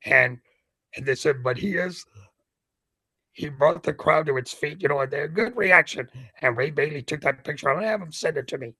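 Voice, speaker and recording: Older guy with a gravelly husky voice, telling stories all animated, slightly high pitch. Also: normal speed, no echo, poor audio. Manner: lively storyteller who acts out scenes. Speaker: boxing ring announcer, guest.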